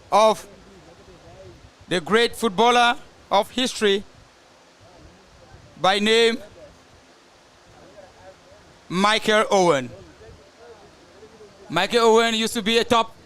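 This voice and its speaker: A man's voice: high voice, bright, forceful tone, clean tone. A man doing rambling live play-by-play for an outdoor soccer match, drifting into asides about famous players. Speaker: soccer commentator.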